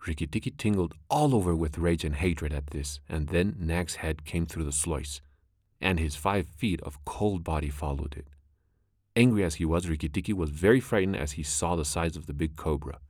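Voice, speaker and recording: A man narrating a classic animal story in a measured, expressive way. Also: low voice, dry recording, clean studio sound.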